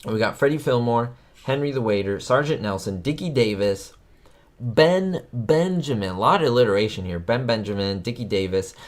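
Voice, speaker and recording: A man hosting a trivia livestream, chatting casually and excitably with his viewers, rambling from one fact to the next. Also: mid-range voice, normal speed.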